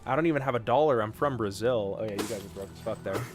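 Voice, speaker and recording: An American man is live-streaming a game over music, talking fast in a lowish voice. He chats casually and teases his viewers in a loose, joking way, often trailing off into fillers.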